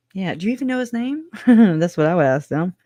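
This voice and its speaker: A woman's voice: on the low side, warm tone, no room sound, studio quality. A woman hosting a true-crime livestream, reading case notes aloud in a casual, chatty way with sarcastic asides and slang. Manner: chatty and sarcastic, with frequent laughs; informal slang, says y'all.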